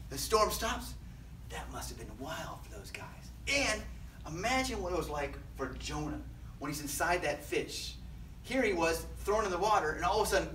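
A man leading a children's service, telling a Bible story in a playful way with sound effects. His voice is bright, sits fairly high, and swings widely. The room echoes, and he is a bit distant from the mic. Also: animated, moderate pace, slight background noise. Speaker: children's pastor. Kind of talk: animated Bible storytelling for kids.

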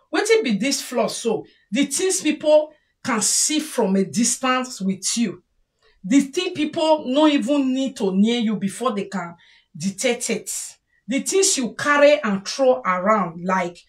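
A woman's voice: fairly high pitch, recorded from a distance. A woman with a Nigerian accent giving scolding advice in a casual monologue at home, mixing pidgin into her talk. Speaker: vlogger.

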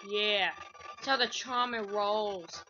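A woman's voice: medium pitch, slow pace, pushed and bright, muffled recording. A woman giving let's-play commentary, rambling through asides and breaking into yelps and squeals. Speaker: gameplay commentator. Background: faint game music.

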